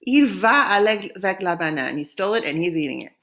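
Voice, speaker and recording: A woman recording a French lesson, pronouncing phrases slowly and clearly so learners can repeat them. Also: mid-range voice, very animated, a bit bright. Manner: slow, clear modeling of French phrases for repetition. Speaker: French teacher.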